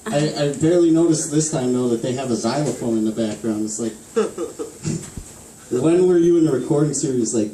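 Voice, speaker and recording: A man in his twenties does a rambling, profane stand-up set at a small bar open mic, chuckling at his own jokes. His fairly high voice has lively intonation and a normal pace. The echoey room, far mic and crowd laughter leave heavy background noise, with the audience laughing throughout.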